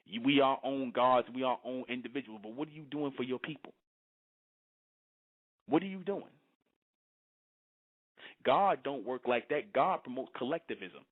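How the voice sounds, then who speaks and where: Preachy man on a tinny line. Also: medium pitch. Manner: preachy, repetitive, rhetorical questions. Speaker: commentator. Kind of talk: preaching monologue. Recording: tinny phone-like sound.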